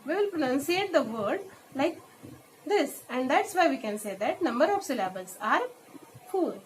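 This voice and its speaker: High-voiced Indian woman teaching slowly. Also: very animated, slight background noise, poor audio. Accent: Indian English. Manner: explains step by step, repeats each example word slowly. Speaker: school teacher. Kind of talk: classroom lesson mixing English and Hindi. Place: school.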